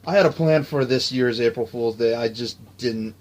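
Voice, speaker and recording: A man's voice: mid-range voice, moderate pace, a little hiss or hum. A man co-hosting a podcast, telling stories in casual chat with frequent laughs and restarts. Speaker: podcast co-host.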